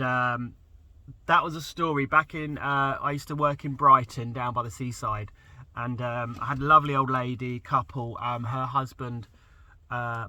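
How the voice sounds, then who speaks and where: A man with a very bright, forceful voice tells a story casually to camera as a gardener vlogger. He rambles and fills his pauses with ums and uhs. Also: mid-range voice. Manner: rambling with many fillers.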